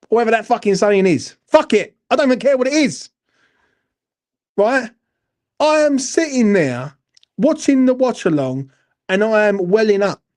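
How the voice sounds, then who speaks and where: A man's voice: very high-pitched, a little mellow. A man with an East London accent, host of a football fan channel, ranting angrily to camera after a match, blunt and full of swearing, tagging "right?" and "yeah?" onto his lines. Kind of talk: angry post-match rant to camera.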